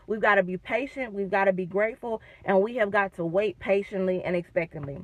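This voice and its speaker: A woman talking in a casual faith vlog from her car, animated and chatty with self-deprecating humor. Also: medium pitch, narrow, tinny audio. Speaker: vlogger.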